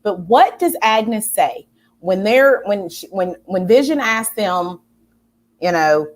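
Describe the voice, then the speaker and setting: A woman's voice: mid-range voice, slow pace. A woman co-hosting a casual pop culture show, reading out viewer questions and talking animatedly, often checking in with "right?". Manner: animated, reads viewer questions aloud, frequent restarts and "right?". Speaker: co-host.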